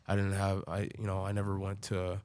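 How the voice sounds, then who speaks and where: A man's voice: deep voice, monotone, a little fast, a little mellow, no echo. A man telling his own story as a podcast guest in a loose, profane way, full of filler words. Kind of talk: casual storytelling.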